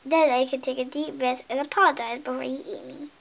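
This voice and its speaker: A woman voicing an excitable, boastful little male squirrel in a storybook reading, with a chirpy sing-song manner. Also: high voice, fairly quick, creaky, exaggerated voice. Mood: pleading.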